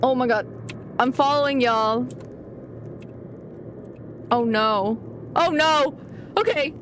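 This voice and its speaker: A young woman streaming a video game, reacting excitably with frequent gasps and laughter as she chats casually. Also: sits high, slow pace, a little hiss or hum. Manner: excitable, gasping and laughing often. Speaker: gaming streamer. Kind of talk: casual gameplay commentary.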